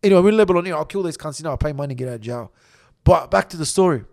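A middle-aged Australian man telling a story as a podcast guest, blunt and animated, swearing heavily. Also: on the high side, rapid-fire, vocal fry.

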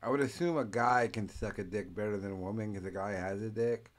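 A man's voice: fairly low pitch, a little fast. A man on a casual podcast, blunt and crude, cutting in with offhand jokes. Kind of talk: casual chat.

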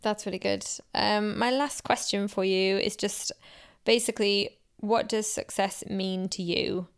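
A woman interviews a musician in a smooth voice with a creaky edge. Her delivery is fairly flat and low, and she gives short, encouraging responses. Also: unhurried. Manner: supportive, brief encouraging replies. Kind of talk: casual interview.

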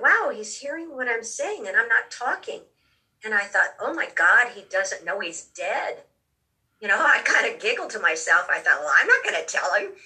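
A woman telling a personal story in a halting way, often repeating words, with real emotion, her voice a little distant from the mic. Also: a little high, pushed and bright. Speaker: storyteller recounting a near-death experience.

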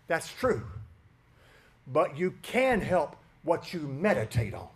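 A man preaching a sermon with fervor, swinging from shouts to hushed asides and calling out listeners by name. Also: fairly high pitch, wildly swooping pitch, takes it slowly.

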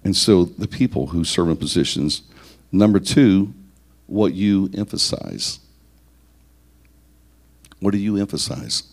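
A man's voice: low-pitched, lively intonation, unhurried, creaky, pauses often. A man teaching church leaders, working through numbered points with rhetorical questions and repeated words.

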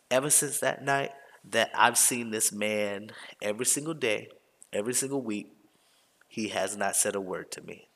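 A man's voice: lowish voice, moderate pace, a bit bright. Heated, profane man, reverberant. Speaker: podcast host. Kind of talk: casual storytelling. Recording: long reverb.

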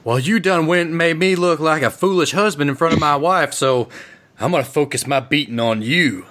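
A man voicing a jealous, brawling husband with a drawling, rough way of speaking. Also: fairly high pitch, normal speed, fairly bright tone, pitched above the performer's own voice, lightly acted. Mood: indignant.

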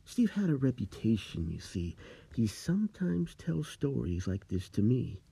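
Slow, gravelly, dark-voiced storyteller. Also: male voice, mid-range voice, very animated, dry recording. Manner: slow, dramatic, rhyming delivery. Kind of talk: spooky storytelling.

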